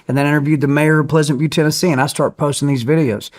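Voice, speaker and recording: A man guest telling a story in casual conversation, animated and acting out the people he quotes. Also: a little high, very fast. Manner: animated, acts out quoted voices.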